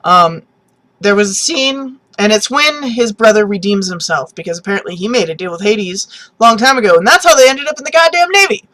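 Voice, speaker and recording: A woman giving a casual, animated spoken review of a TV episode, with lots of "um"s and restarts, sometimes acting out characters' reactions. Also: medium pitch, a little fast, poor audio. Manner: animated, many ums and restarts, acts out reactions.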